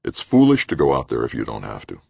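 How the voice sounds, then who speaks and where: A man's voice: huge pitch swings, fast talker, creaky, dark tone, breathy edge, dry recording, exaggerated voice. A man voicing a stubborn, protective man in an audiobook, firm and insistent. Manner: firm, insistent, low and final. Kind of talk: audiobook character voice.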